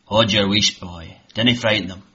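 A stern old Scottish uncle with a deep, gruff brogue, as a man puts him on for a storybook reading. The sound is dull and lo-fi. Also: fairly even intonation, moderate pace, pushed and bright, full character voice. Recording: dull lo-fi recording.

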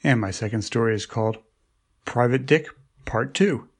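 A man's voice: medium pitch, moderate pace. A man reading his own short stories aloud in a dry, wry way, as a regular contributor to a story show.

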